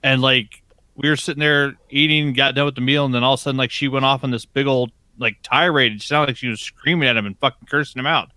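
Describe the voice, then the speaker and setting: A man's voice: medium pitch, steady tone, fast talker, bright, forceful tone, no room sound. A man co-hosting a geek podcast, telling an anecdote with casual cursing. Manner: storytelling with profane emphasis. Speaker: podcast co-host. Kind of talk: casual chat.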